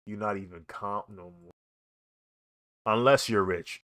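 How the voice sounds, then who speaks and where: A man's voice: on the low side, fairly even intonation, measured pace, pushed and bright. A young man, chatting casually and rambling while he draws, laughing often and saying "bro" a lot. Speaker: artist streaming a drawing session. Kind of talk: casual chat while drawing.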